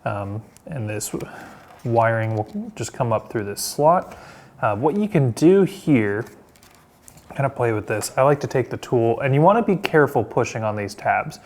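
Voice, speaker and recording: A man giving a relaxed step-by-step installation demonstration in a workshop, talking as he works with plenty of ums and uhs. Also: mid-range voice, normal speed. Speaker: installation instructor.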